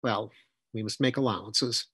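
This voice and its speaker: Storybook critter: man voicing a curt, scolding squirrel fay, husky voice. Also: lowish voice, a bit bright, dry recording, exaggerated voice. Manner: brisk, scolding, quick. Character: bossy gruff male squirrel fay.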